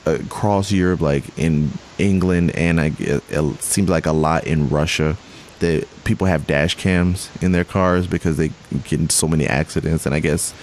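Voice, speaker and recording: A man's voice: rumbling low, steady tone, normal speed, darkish tone. A young man co-hosting a podcast in casual chat, rambling with restarts and frequent laughter. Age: young adult. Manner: rambling, self-correcting, laughs often. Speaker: podcast co-host. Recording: faint hiss.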